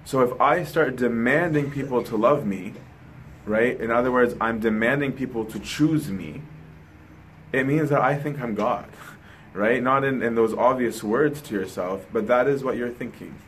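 A man's voice: mid-range voice, normal speed, a little hiss or hum, poor audio. A man giving a sermon in a conversational way, often ending his points with a questioning "right?". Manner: conversational, keeps asking "right?". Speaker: preacher.

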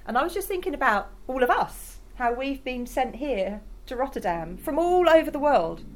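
A woman's voice: sits high, very animated, moderate pace. A woman preaching a sermon in a conversational, enthusiastic way, speaking directly to her congregation. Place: church in Rotterdam.

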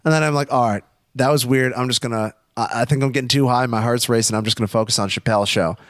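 A young man telling a story in casual chat, animated, swearing often and acting out quotes. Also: mid-range voice, quick pace, no echo, clean studio sound.

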